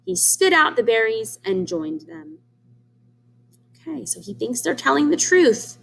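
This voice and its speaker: A woman reads a children's storybook aloud, pausing to explain words and ask the children what they think. Her voice moves up and down in a very lively, expressive way. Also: on the high side, vocal fry. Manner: warm, explains words to children, asks them questions. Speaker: teacher reading aloud. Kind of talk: children's read-aloud lesson.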